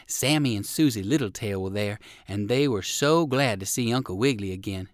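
A man narrating a children's storybook with warm, expressive storytelling. His pitch rolls up and down in a lively way, and the recording is close and dry. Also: normal speed, hardly any pauses, no echo. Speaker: reader.

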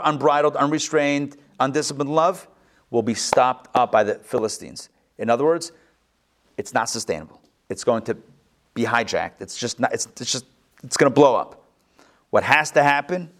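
A rabbi giving a live Torah class, animated, with joking asides and quick self-corrections. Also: male voice, medium pitch.

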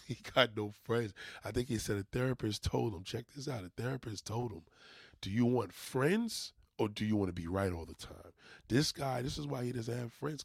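A man's voice: fairly low pitch, gravelly, slightly rough, no room sound, clean studio sound. A man who runs a junk removal business, venting to his viewers in a profane, emphatic casual rant.

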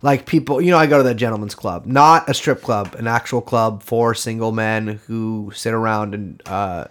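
A man's voice: on the low side, fairly even intonation, moderate pace, clean tone. A man co-hosting a comedy podcast, rambling through mock-earnest jokes and banter. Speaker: podcast co-host.

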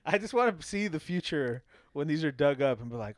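A man's voice: fairly high pitch, animated, brisk, no echo, studio quality. A man co-hosting a podcast in casual chat, rambling with restarts and heavy swearing. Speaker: podcast co-host.

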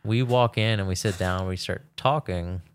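Male co-host, low gravelly voice, relaxed rambling storyteller. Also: normal speed, a little hiss or hum. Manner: laid-back storyteller, lots of fillers. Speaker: podcast co-host. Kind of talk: casual chat.

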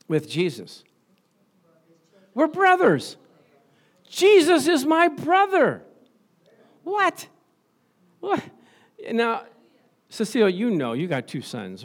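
A man preaching a sermon as pastor, animated, rising to excited exclamations and calling out for responses from the congregation. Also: medium pitch.

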